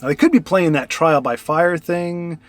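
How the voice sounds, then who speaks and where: In a dry recording with soft background music, a card-game streamer on the high side talks at a moderate pace. He offers casual, chatty play-by-play, working through ideas aloud and often starting over with fillers.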